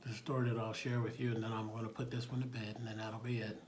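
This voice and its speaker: A police officer giving an emphatic, plain-spoken motivational talk in a colloquial manner. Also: male voice, lowish voice, level tone, fast, a little mellow, slight background noise. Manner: emphatic, colloquial, preachy, acts out dialogue. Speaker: police officer telling a story.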